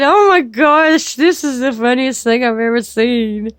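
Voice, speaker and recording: A woman's voice: sits high, slow pace, few pauses, a bit bright, clean tone, dry recording, clean studio sound. A woman in a casual vlog, giggly and gushing as she talks aloud to God.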